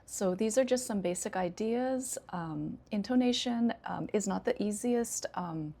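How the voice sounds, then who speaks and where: An American woman, an ESL teacher, explaining intonation in an unhurried way with frequent pauses. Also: mid-range voice, creaky, warm tone. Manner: unhurried, many 'um' pauses, demonstrates intonation examples. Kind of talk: casual instructional talk.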